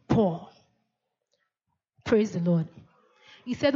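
A woman's voice: on the high side, expressive, measured pace, pauses often, a little mellow, muffled recording. A woman preaching a sermon in a church, asking the congregation questions and repeating key words, with frequent amens.

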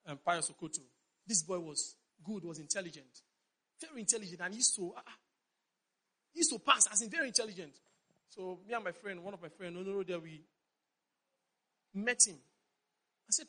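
Preaching emphatically and repetitively, a middle-aged Nigerian pastor often asks if his congregation understands. His Nigerian-accented voice is high, pushed and bright, and the audio is poor.

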